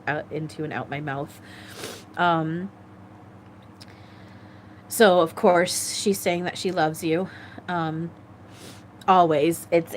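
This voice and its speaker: A woman psychic medium giving a live-stream channeling reading, gentle and earnest, halting as she searches aloud for words. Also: fairly low pitch, a little hiss or hum.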